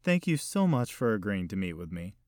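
A man's voice: on the low side, big pitch swings, fairly quick, darkish tone, no room sound. A man voicing a young reporter who talks in a polite, earnest way.

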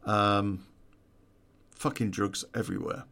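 A man's voice: on the low side, flat delivery, slow, a bit bright. A man, telling a true-crime story in a casual, profane way and laughing at his own story.

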